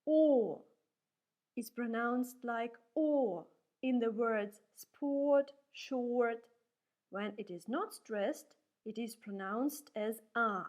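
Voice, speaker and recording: Slow, careful woman teacher. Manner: says example letters and words louder and higher, often twice. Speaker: Russian language teacher. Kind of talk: slow, careful language lesson.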